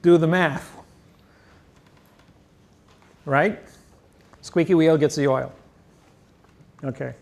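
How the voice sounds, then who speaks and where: A man lectures a small seminar group in a room, his voice a little high and rough with gravel. He rambles and boasts, dropping chuckling asides as he explains his points. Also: drawn-out words, long pauses.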